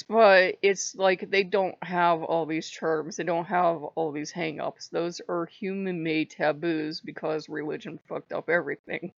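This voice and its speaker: A low, gravelly woman rambles through a casual chat, laughing often and swearing freely. Her voice sits close and dry. The recording sounds dull and lo-fi. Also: no room sound. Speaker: vlogger.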